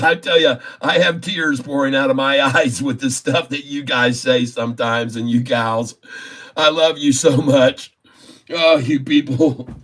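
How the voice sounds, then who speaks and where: A man's voice: medium pitch, fairly bright tone. Man, trading streamer: chatty, folksy, laughs easily. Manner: effusive and folksy, calls viewers folks; laughs often while talking. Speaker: stock trading live-streamer. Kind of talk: live-stream trading commentary.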